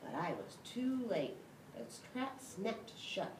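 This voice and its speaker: Expressive woman reading a storybook aloud. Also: slow pace. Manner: expressive, shouts and yelps in the dog's voice. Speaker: storybook reader. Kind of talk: reading a picture book aloud. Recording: echoey room from a distance, rumbling noise.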